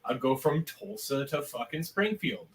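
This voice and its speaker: A man's voice: on the high side, animated, normal speed. A man from California telling a wry, laughing tour anecdote in casual chat.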